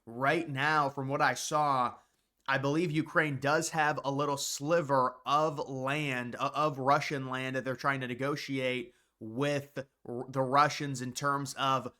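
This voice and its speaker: A man's voice: mid-range voice, steady tone, unhurried, sharp tone. A man giving opinionated, off-the-cuff political commentary with frequent restarts. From United States.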